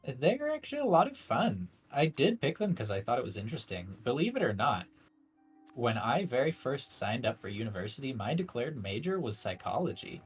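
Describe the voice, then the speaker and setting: Young student guy, kinda husky voice, wry jokes, pitch bounces around a lot. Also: sing-song, brisk, soft background music. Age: young adult. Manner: wry, dry-humored, laughs often. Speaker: university student, guest on stream. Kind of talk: casual chat.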